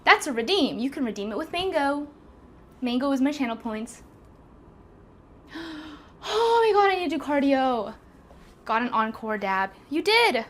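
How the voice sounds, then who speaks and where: High, lively giggly streamer woman. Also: normal speed, pauses often, a little hiss or hum. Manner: scatterbrained, giggly, bubbly. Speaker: live streamer. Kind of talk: casual live-stream chat. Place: at home by a walking pad.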